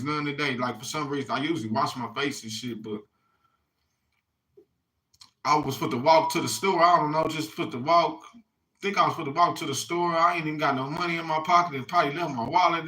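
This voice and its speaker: Talking to his audience in a loose, wandering monologue, a man who vlogs swears often and keeps returning to "you hear me." His voice is a bit high, bright, and sharp, and the audio quality is poor.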